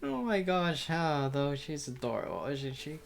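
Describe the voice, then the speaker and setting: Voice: mid-range voice, sing-song, unhurried, gravelly. Give me a casual, giggly streamer reading a visual novel aloud and tripping over words. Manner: casual and giggly, stumbles and restarts while reading. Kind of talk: casual visual novel read-through with commentary.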